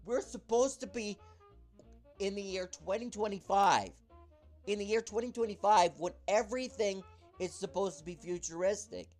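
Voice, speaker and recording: A man's voice: sits high, normal speed, a little mellow, faint music behind. A man ranting into a camera at home, rambling with lots of fillers and swearing. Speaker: YouTuber in a clip. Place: indoors at home, talking to a camera.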